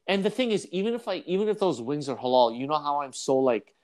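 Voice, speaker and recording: Animated joking man telling stories. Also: fast. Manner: animated joking storyteller, swings pitch widely. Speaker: salesperson. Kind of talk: casual podcast chat.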